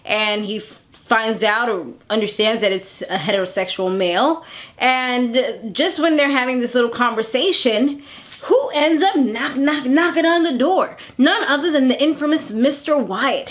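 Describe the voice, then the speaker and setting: A woman chatting casually through a TV episode recap, laughing often and acting out the characters' lines. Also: a little high. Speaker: TV recap vlogger.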